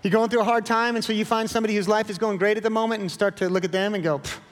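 A man's voice: high-pitched, steady tone, rapid-fire, in a large hall. A man giving a sermon in a conversational, humorous way, acting out the people in his stories. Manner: conversational and humorous, acts out quoted voices. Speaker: preacher.

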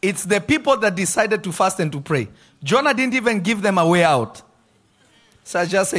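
A man preaching a lively sermon in a church, shouting and acting out voices. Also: a little high, moderate pace. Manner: animated, shouting and acting out quotes, laughing.

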